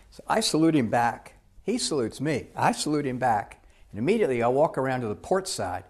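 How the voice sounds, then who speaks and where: An older man tells a personal story to an audience in a lively, animated way. He acts out the lines of the people in it. His voice sits at an ordinary middle pitch. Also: moderate pace. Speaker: speaker. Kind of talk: storytelling talk.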